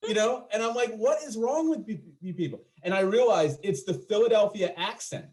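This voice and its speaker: Over a video call, a stand-up comedian with a slightly raised pitch and a darkish tone performs his set. He keeps it loose and chatty, riffing in a self-deprecating way and throwing asides to the audience.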